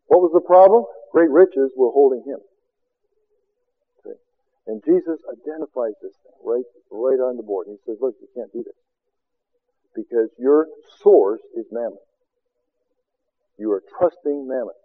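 A man preaching a sermon as a seminar teacher, firing rhetorical questions and swinging from loud exclamations to quiet asides. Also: medium pitch, animated, unhurried, long pauses, slightly rough, narrow, tinny audio.

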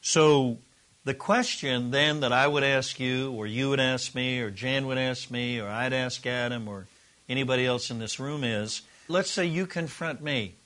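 A man's voice: medium pitch, a little slow, fairly bright tone. A middle-aged man teaching a relationship course to a group in a room, earnest and conversational, sometimes acting out sample dialogue. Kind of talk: teaching a class to a live group.

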